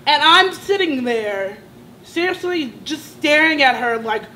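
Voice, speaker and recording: High-voiced young woman telling her story. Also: sing-song, moderate pace, sharp tone, slight background noise, poor audio. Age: young adult. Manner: impassioned, emotional, rising to indignant outbursts. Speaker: college student. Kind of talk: personal testimony at a student sit-in.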